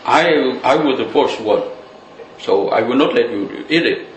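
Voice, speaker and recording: A man's voice: mid-range voice, lively intonation, unhurried, close to an everyday voice. A man voicing mean, quarrelsome demons who argue over a corpse in a spoken parable. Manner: argumentative, demanding. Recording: echoey room with faint noise.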